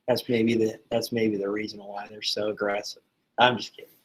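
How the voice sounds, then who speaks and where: A man's voice: on the low side, little pitch movement, moderate pace, husky. Chatty man teaching a psychology class. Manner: chatty, joking asides, many fillers. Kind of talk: casual classroom lecture.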